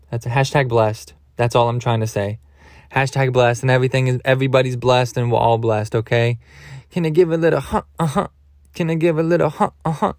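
A man hosts a podcast in a rambling comic monologue, full of crude, goofy asides. His voice sits at a middle pitch. The recording is dry and close. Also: no echo. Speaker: podcast host.

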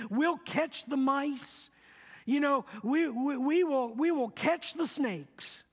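A middle-aged male pastor preaching a sermon, earnest and repetitive, leading the congregation to repeat lines back to him. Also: very high voice. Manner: earnest, repeats phrases, leads the congregation in call-and-response. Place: church sanctuary. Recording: long reverb of a church hall.

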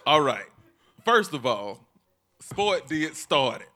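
A man with a high, bright voice explains his side of things in an earnest, persuasive way. His pitch rises and falls freely. It is a casual podcast chat. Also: sing-song, slow pace.

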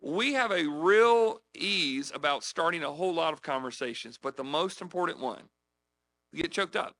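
A man's voice: a little high, lively intonation, moderate pace, fairly bright tone. A man from South Carolina, preaching in a chatty style, telling personal stories and checking in with the audience. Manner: chatty, frequent "right? okay?" check-ins with listeners. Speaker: preacher teaching on evangelism. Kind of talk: conversational sermon with personal stories.

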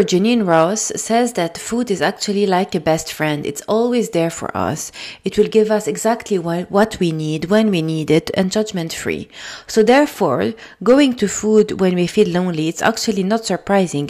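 A woman with a French accent, hosting a podcast and talking things through in a gentle, thoughtful way with frequent fillers and restarts. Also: on the low side. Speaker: podcast host. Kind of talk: casual solo podcast talk.

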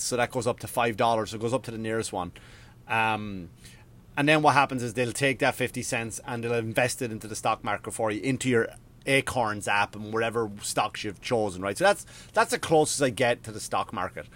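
Guy ranting on his podcast, swears a lot, all over the place. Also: medium pitch. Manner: profane, rambling, animated rant. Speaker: podcast host. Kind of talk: casual ranting monologue.

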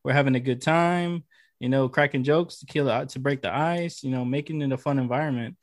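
A man's voice: mid-range voice, a little fast, no echo, clean studio sound. A man co-hosting a podcast interview, talking in an emphatic, heartfelt way and repeating phrases for emphasis. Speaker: podcast co-host. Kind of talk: casual interview chat.

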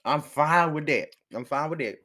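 A man telling a personal story in casual chat, animated and profane, with frequent laughs. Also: a little high, normal speed.

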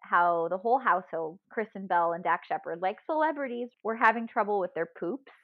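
Animated, laughing woman storyteller. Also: mid-range voice, fairly quick, dry recording, phone-quality sound. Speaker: podcast co-host. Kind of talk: casual chat.

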